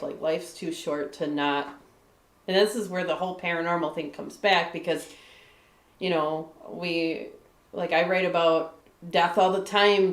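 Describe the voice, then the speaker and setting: Woman from michigan chatting casually on a live stream, says like a lot, low-ish voice, echoey room. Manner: candid, laughs often, lots of "like" and "you know". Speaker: guest author.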